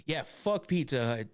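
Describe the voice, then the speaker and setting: A man's voice: mid-range voice, clean tone. A man hosting a podcast, ranting casually with lots of swearing, exasperated and often breaking into laughter. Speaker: podcast host.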